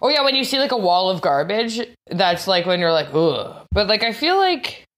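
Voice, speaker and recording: A woman's voice: mid-range voice, sing-song, brisk, fairly bright tone. A young adult woman comedian with a Canadian accent, chatting casually on a podcast and rambling with lots of "like" fillers. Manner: rambling, full of "like" fillers, laughs often. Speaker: comedian guest.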